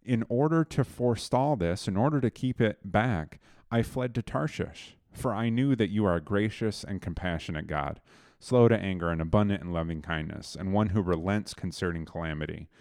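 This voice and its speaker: A man's voice: deep voice, moderate pace, hardly any pauses, a little mellow, dry recording, clean studio sound. A man casually retelling a Bible story to a co-host, loose and conversational, with fillers and restarts.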